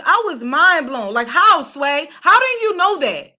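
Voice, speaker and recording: On her celebrity gossip vlog, a woman from Philadelphia curses and rants heatedly while addressing the camera head-on. Her high voice is very animated and sharp, yet she keeps a measured pace.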